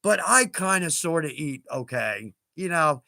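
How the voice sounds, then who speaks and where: A man's voice: fairly high pitch, very animated, unhurried, vocal fry, sharp tone, dry recording. A middle-aged man hosting a casual livestream, chatty and folksy, laughing often. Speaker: livestream host.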